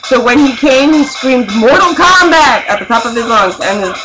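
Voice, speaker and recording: A woman's voice: high voice, expressive, normal speed, poor audio. A young woman vlogging to a webcam, laughing and scolding her friends in the room. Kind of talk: casual chat to camera. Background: music playing.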